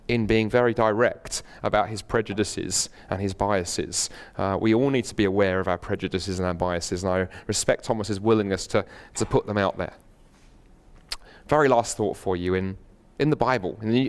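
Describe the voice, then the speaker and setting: A man's voice: medium pitch, clean tone. Earnest British man lecturing students. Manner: earnest, animated storyteller with many fillers and restarts. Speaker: guest lecturer. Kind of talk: university lecture. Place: packed university lecture hall.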